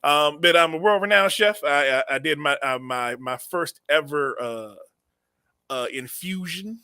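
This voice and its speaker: A man's voice: on the high side, a little slow, pushed and bright, smooth, no room sound, clean studio sound. Rambling, laughing man in his thirties. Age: 30s. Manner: rambling, laughs often, repeats words. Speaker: podcast co-host. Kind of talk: casual comedic chat.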